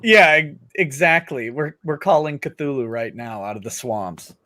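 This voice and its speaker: A man's voice: mid-range voice, unhurried, sharp tone. A man from Texas chatting casually as a guest on a live stream, rambling with jokey asides.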